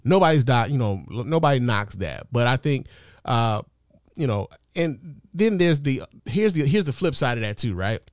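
A man of middle pitch hosts a podcast in a loose, profane, chatty monologue with plenty of fillers and asides. The sound is dry and close, with no room echo. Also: sing-song, moderate pace. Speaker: podcast host. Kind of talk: casual commentary monologue.

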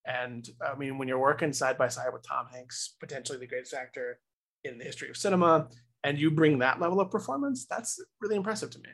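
A man's voice: mid-range voice, quick pace, gravelly, a bit bright, poor audio. A man co-hosting a podcast, chatting casually in a joking, rambling way with restarts. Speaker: podcast co-host. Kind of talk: casual chat.

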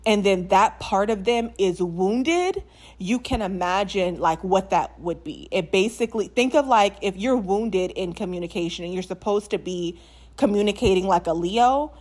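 A young woman from New Orleans with no local accent, chatting casually to camera in a life update, animated, with lots of fillers and frequent laughs. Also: mid-range voice. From New Orleans, USA. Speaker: vlogger.

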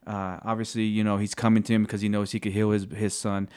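A man sharing scripture in casual faith talk, earnest and halting, often searching for words. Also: lowish voice, level tone, darkish tone, clear, resonant tone.

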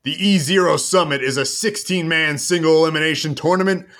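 A man hosting a podcast who chats casually while recapping a wrestling show in an animated, storytelling way. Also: fairly high pitch. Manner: animated storytelling, quick asides. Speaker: podcast host.

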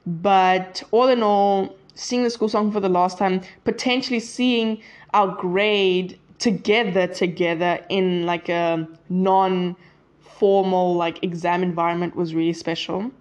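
Talking casually to her viewers, a teenage vlogger rambles along and often drifts off topic. Her voice is lowish and steady, and she takes her time.

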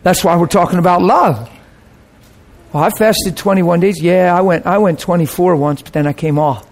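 A man preaching, telling a personal story in an animated way and dropping to a soft voice for quoted words. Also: high-pitched, moderate pace. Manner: animated storyteller, acts out quoted voices, laughs and gets emotional. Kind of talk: sermon storytelling.

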